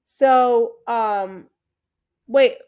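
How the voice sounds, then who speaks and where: A thirties-aged livestream host tells a family story in a chatty way, pausing it to reply to her live chat. Her clean voice leans high but has a darkish tone, and she speaks extremely slowly.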